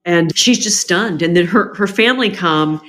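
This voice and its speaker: At normal speed and a fairly low pitch, a woman recounts a personal story during a podcast interview. She is frank, emotional, and animated, often starting over, and she voices her family's remarks in a heightened tone.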